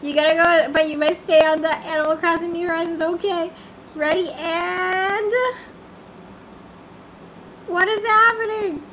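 A woman livestreaming a game in casual chat, excitable and repeating herself in bursts of confused exclamations. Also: very high voice, unhurried, long pauses, slight background noise.

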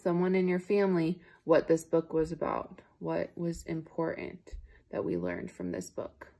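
A teacher reading a picture book to young children, pausing to ask them gentle questions. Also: female voice, on the low side. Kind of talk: children's read-aloud.

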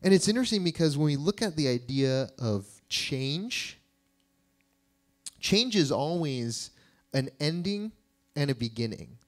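A young adult man giving a sermon as a pastor, in a relaxed, conversational way with jokes for the congregation. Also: a little high, a little slow. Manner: casual and conversational, joking with the congregation.

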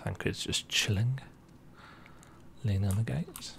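Low gravelly game streamer, dry offhand remarks. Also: male voice, measured pace, noisy background. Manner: dry offhand remarks between read-out lines. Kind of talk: casual game commentary.

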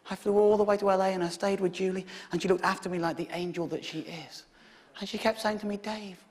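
Sweary English comedian shouting on stage. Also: male voice, high-pitched, a little hiss or hum. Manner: sweary, exasperated, bursts into shouting. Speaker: stand-up comedian. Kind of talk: stand-up storytelling. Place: comedy stage before a live audience. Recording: echoey live venue with loud audience. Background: audience laughter.

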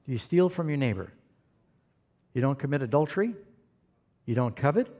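A man preaching a sermon, animated and questioning the congregation, calling for amens. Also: medium pitch, normal speed. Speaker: pastor.

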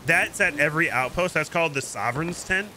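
A man streaming a pirate game, chatting casually and coaching another player with jokey excitement. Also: on the high side, brisk, a little hiss or hum, rough recording. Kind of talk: casual gameplay chat.

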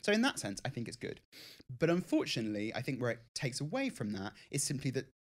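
A man co-hosting a podcast in casual chat, riffing and joking animatedly. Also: medium pitch. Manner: fast, animated, jokey riffing. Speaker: podcast co-host.

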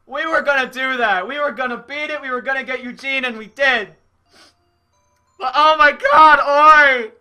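Young streamer, crying on stream, phlegmy, high and piercing, slow and overwhelmed. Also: bright, forceful tone, faint music behind. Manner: overwhelmed, sobbing and laughing, apologetic. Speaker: game streamer. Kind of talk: live stream commentary.

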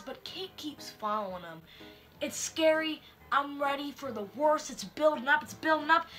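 A young woman giving a sarcastic, animated comedic commentary on a book of stories, with mock outrage. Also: sits high. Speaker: book reviewer. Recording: faint music underneath.

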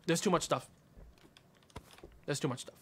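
A male streamer giving live game commentary, exasperated and swearing, with sudden yells. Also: fairly high pitch, moderate pace, slightly rough.

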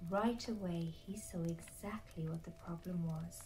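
A woman narrating a bedtime story in a soft, hushed, slow whisper. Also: on the low side, fairly even intonation, far from the mic, music in the background, poor audio.

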